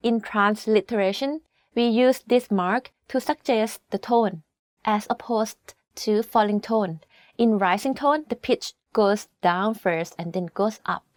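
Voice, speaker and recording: A woman whose first language is Thai teaches a scripted video lesson, with clear, deliberate delivery that slows down for example words. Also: medium pitch, dry recording, studio quality.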